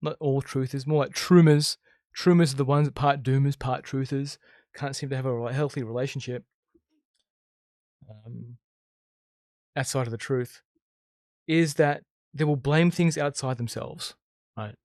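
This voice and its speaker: A man's voice: medium pitch, fairly even intonation, measured pace, long pauses, darkish tone, no room sound, studio quality. A man teaching about the I Ching in a casual spiritual monologue, blunt and emphatic, always checking in with "okay?" and "right?". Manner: blunt, swears freely.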